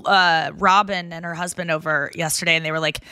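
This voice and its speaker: A woman's voice: on the low side, steady tone, brisk, bright, forceful tone, clean tone. A young woman from St. Louis hosting a casual podcast chat, rambling and laughing often. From St. Louis, USA. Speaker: podcast host.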